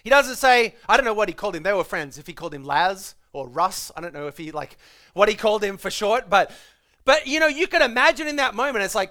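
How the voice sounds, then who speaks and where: A male pastor preaching a Sunday morning sermon, animated and acting out the lines he quotes, often repeating his words. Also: high-pitched, quick pace.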